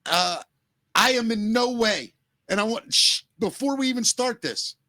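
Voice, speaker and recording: Emotional man near tears, bright voice. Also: very high-pitched, animated, no room sound. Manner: earnest, emotional, swearing, halting restarts. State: close to tears. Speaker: podcast co-host. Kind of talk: emotional podcast talk.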